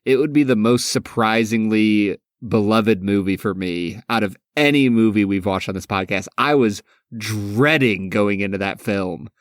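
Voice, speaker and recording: A man's voice: lowish voice, unhurried, few pauses, dry recording, clean studio sound. Enthusiastic man co-hosting a podcast. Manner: enthusiastic, laughs often. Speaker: podcast co-host. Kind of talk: casual chat.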